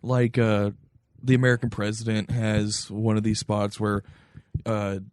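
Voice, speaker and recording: A man's voice: on the low side, little pitch movement, a little slow, a little mellow, clear, resonant tone, dry recording. A man co-hosting a casual podcast chat, rambling with many restarts and fillers. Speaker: podcast co-host.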